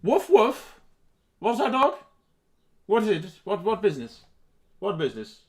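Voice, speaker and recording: A man using a silly, high baby-talk voice as he speaks to his puppy during a game recording. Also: big pitch swings, measured pace, a little mellow, full character voice. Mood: playful.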